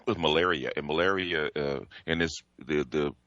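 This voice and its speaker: A man co-hosting a radio talk show, chatting in a relaxed, halting way with many pauses. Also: extremely low pitch, dry recording. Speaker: radio co-host. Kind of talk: casual on-air chat. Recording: dull dry lo-fi audio.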